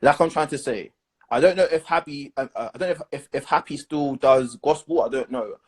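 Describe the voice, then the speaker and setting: A young man hosting a casual chat, giving blunt, animated opinions packed with slang. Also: fairly high pitch, fairly quick, slightly rough. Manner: blunt, animated, leans on slang and "do you understand".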